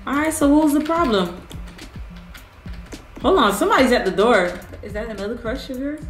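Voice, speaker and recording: On her gaming channel, a woman with a fairly high voice talks a little fast while playing alongside someone, offering casual, teasing commentary. She's playful and animated in a coaching role, with roomy sound and faint music behind her.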